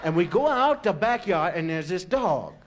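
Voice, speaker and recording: Man, stand-up storyteller, from Philadelphia, high lively voice, chatty and animated. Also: normal speed. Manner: animated, conversational, full of "you know" and "man". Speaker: comedian.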